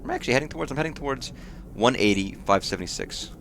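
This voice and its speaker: A man's voice: mid-range voice, expressive, racing, vocal fry, a bit bright, a little hiss or hum. A man hosting a let's play, muttering and swearing at the screen, with startled reactions. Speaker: host of a gaming channel.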